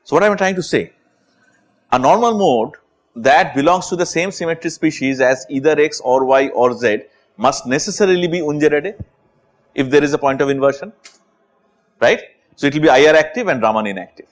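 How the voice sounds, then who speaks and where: A man's voice: fairly high pitch, fairly quick. A man with an Indian English accent giving a university chemistry lecture, often asking "right?" as he explains. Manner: animated, asks rhetorical questions with repeated "right?".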